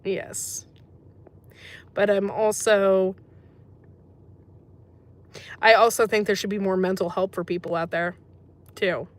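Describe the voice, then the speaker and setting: American lady chatting on a livestream, lots of ums, mid pitch, reading chat and answering. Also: level tone, slow, long pauses. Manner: chatty, says um often, sympathetic.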